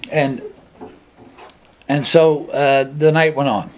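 A man's voice: a little high, steady tone, drawn-out words, pauses often, a crowd in the background. A middle-aged man telling a rambling, self-mocking story at a meeting, with many fillers and laughs. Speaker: speaker sharing his story at a recovery meeting.

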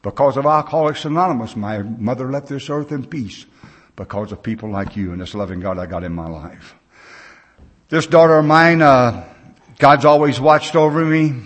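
At a recovery meeting, a man in his sixties with a medium-pitched voice tells stories in a folksy, plain-spoken manner with loose grammar.

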